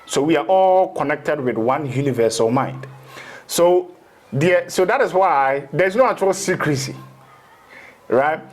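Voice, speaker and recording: A man's voice: a little high, lively intonation, a little slow. A man, a spiritual teacher in a casual interview, rambling through explanations and slipping into local phrases.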